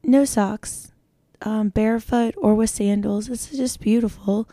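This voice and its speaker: A woman co-hosting a podcast in casual chat, cheerful and gushing, her voice squeaky and strained. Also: fairly even intonation, a little slow, mellow, no echo. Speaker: co-host.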